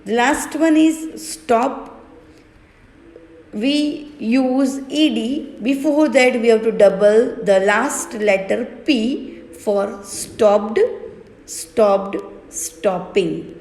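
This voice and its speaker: A woman with an Indian English accent teaching English grammar, spelling words out letter by letter in a slow, deliberate way. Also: a little high, darkish tone. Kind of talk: recorded grammar lesson. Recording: echoey room with long reverb.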